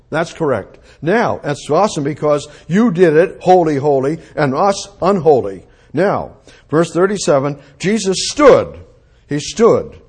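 A man delivering a sermon at an unhurried pace, leaning hard on repeated phrases and sudden exclamations. His voice sits a little high for a man and carries a husky, breathy edge. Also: darkish tone. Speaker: preacher.

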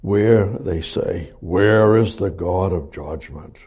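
Man preaching, gravelly, husky, deliberate, halting with repeated phrases, dark low voice. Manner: slow, halting, repeats phrases and restarts words, rising for emphasis. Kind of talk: sermon, Bible verse exposition.

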